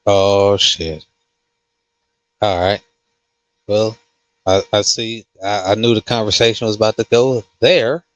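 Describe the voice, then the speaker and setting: A man who hosts a casual livestream and reads comments, talking slowly with many fillers and restarts. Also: fairly low pitch, fairly even intonation, no room sound. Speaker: host.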